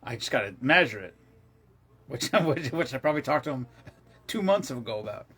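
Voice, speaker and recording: A man's voice: mid-range voice, big pitch swings, fairly quick, fairly bright tone, breathy edge. A middle-aged man hosting a casual livestream, telling rambling stories in a loose, profane way. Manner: rambling, profane storytelling with laughs. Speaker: livestream host.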